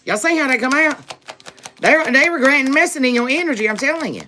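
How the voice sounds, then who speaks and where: Woman tarot reader, live reading, high lively voice, bright tone, sassy and emphatic. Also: fast, slight background noise. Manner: sassy, emphatic, laughing, addresses viewers directly.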